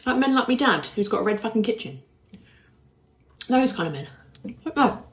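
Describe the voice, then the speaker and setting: A woman's voice: a little high, animated, moderate pace, slight background noise. A woman ranting sarcastically about men on dating apps, exasperated. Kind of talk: casual vlog rant.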